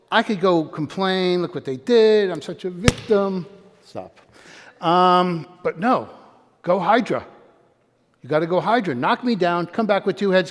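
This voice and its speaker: An older man with a fairly high voice delivers a lively motivational talk, firing questions at his audience and urging them to join in. His voice rings with a long hall reverb, as if in a large room. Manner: energetic, quizzes and calls out to the audience. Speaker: motivational speaker.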